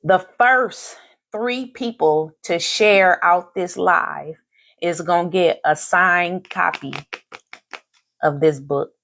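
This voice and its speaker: Slow-talking effusive woman host. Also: on the low side, gravelly, fairly bright tone. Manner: effusive, repeats phrases for emphasis; grateful, faith-filled. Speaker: podcast host. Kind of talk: casual live-stream talk.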